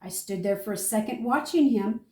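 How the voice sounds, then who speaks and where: A woman's voice: mid-range voice, moderate pace, far from the mic. Chatty older woman in an echoey room. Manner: chatty, animated storyteller, talks viewers through each step. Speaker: homesteader demonstrating food storage. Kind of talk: casual how-to and storytelling.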